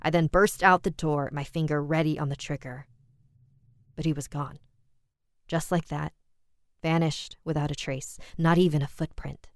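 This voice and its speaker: A woman with a low, smooth, resonant voice narrates a scary tale in a measured, even way. The recording is dry and close, with no room sound. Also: dry recording. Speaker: podcast narrator. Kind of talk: scripted horror story narration.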